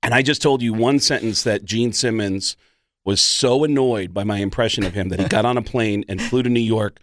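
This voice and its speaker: A man's voice: on the low side, brisk, no room sound. A man, a comedian guest, telling stories in casual podcast chat and slipping into impressions. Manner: animated, slips into impressions.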